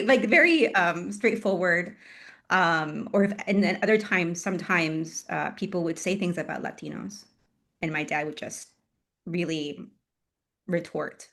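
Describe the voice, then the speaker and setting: A woman's voice: fairly low pitch, vocal fry, a bit bright. Reflective woman guest telling a story. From Chile. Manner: reflective, many fillers and laughs. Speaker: guest author. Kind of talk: conversational storytelling interview.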